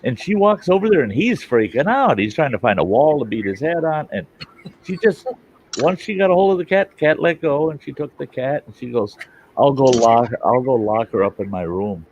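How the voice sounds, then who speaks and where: A man's voice: mid-range voice, very animated, normal speed, a little mellow. A man casually telling rambling, profane stories and laughing often, in a dull lo-fi recording with faint hiss. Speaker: host. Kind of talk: casual storytelling chat.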